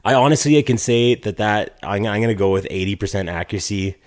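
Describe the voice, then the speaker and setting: Low-voiced man telling an animated story. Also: quick pace. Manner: animated, swearing, heavy filler "like", laughs mid-story. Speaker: podcast co-host. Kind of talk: casual chat, storytelling.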